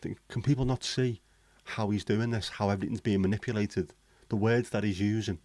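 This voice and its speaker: Male host, very low voice, dry close sound, sweary cynical banter. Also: steady tone, a little fast, darkish tone, dry recording. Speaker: livestream host. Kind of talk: casual chat.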